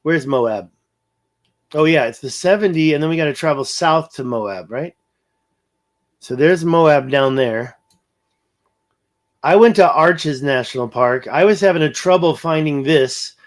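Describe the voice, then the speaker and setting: A man's voice: a little high, measured pace, pauses often. A man hosting a casual livestream, thinking aloud as he pans over a map and reads viewer comments. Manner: rambling, thinking aloud, reading viewer chat. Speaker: livestream host.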